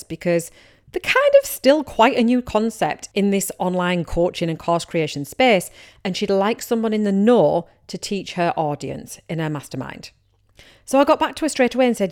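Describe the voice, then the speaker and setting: A woman's voice: mid-range voice, darkish tone. A woman with a Teesside accent hosting a casual solo podcast, speaking candidly and chattily as a business coach who now and then acts out what listeners might be thinking. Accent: Teesside English. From Teesside, England.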